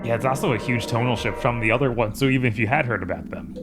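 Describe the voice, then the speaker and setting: A man's voice: mid-range voice, very fast, over music. A man co-hosting a live game stream, mostly giving short agreeing replies and laughing easily. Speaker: streamer co-host. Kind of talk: casual stream chat.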